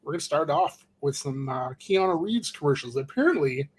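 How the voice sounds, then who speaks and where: Middle-aged male stream co-host, rambling, halting, fairly high voice. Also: lively intonation, slightly rough. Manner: rambling, halting with many fillers. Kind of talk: casual chat.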